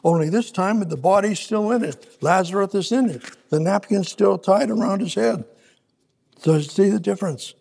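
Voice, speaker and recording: A man's voice: high-pitched, normal speed, creaky, darkish tone, breathy edge. A man preaching a sermon in a casual, conversational way, reading scripture aloud and often restarting his sentences.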